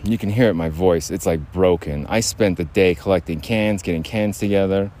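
A man's voice: low-pitched, fairly quick, darkish tone. A man hosting a solo podcast, talking in a rambling way, restarting his sentences and laughing at himself. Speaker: podcast host.

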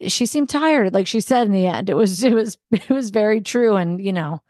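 A woman's voice: medium pitch, normal speed, a little mellow, no room sound, studio quality. A woman co-hosting a podcast, talking in a reflective, easygoing way with light laughs. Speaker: podcast co-host. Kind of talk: casual chat.

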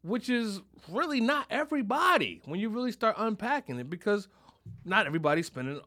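A man co-hosting a comedic podcast, rambling and swearing, now and then bursting into shouts. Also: sits high, very animated, a little fast. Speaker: podcast co-host. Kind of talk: casual comedic podcast rant.

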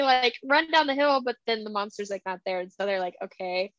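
Woman cohost chatting books, kinda high voice, acts out the scenes, dry close sound. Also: a little fast, few pauses, no echo. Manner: animated retelling, quotes characters. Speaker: podcast co-host. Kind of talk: casual book chat.

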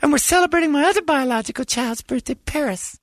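A woman playing a soft-spoken male pop star father with a breathy delivery. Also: high voice, quick pace, no room sound, lightly acted. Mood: dreamy.

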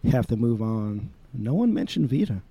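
A man's voice: medium pitch, sing-song, moderate pace, vocal fry, dark tone, slightly rough. A man talking casually on a podcast, rambling with many restarts and fillers as he lays out his thoughts. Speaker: podcast co-host.

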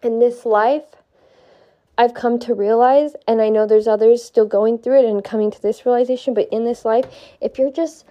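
A woman's voice: a little high, fairly even intonation, moderate pace, dark tone, dull audio. A young woman with a stuffy nose giving an earnest, heartfelt spiritual pep talk to her viewers, swearing now and then for emphasis. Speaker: vlogger.

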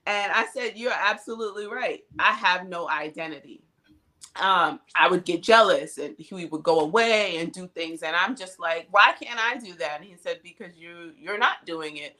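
Bright-voiced woman podcast host. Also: fairly low pitch, normal speed. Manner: candid and chatty, laughs often. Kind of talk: casual chat. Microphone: cell phone.

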